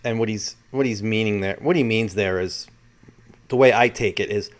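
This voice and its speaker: A man's voice: lowish voice, moderate pace. A man hosting his own video, talking casually and rambling, often correcting himself mid-sentence. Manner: chatty and rambling, with self-corrections. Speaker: video host. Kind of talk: casual solo commentary.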